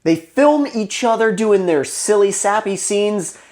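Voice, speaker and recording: Animated woman chatting about movies. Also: medium pitch, unhurried. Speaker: movie review co-host. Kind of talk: casual movie review chat.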